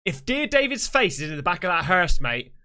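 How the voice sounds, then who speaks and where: A man hosting a reaction video, swearing and getting loud and panicky as he reacts. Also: sits high, very animated, brisk, clear, resonant tone. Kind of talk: excited reaction commentary.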